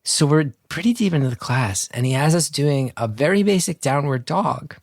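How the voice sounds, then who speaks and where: A man's voice: on the high side, normal speed, gravelly, dry recording, clean studio sound. A man telling a story on a podcast over a video call, acting out the people in it and swearing freely. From North Jersey. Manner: animated storyteller, acts out quotes, swears freely. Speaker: guest co-host.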